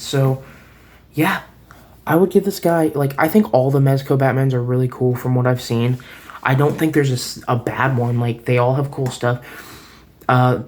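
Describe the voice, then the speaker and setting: At home, a man chats his way through a casual toy review, rambling and often restarting sentences. A camera set on a table records his mid-range, slightly mellow voice in a room of the house.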